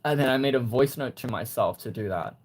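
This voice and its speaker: A young man hosting a casual livestream, reading viewer comments and gently encouraging them. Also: medium pitch, animated, a little fast. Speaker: livestream host.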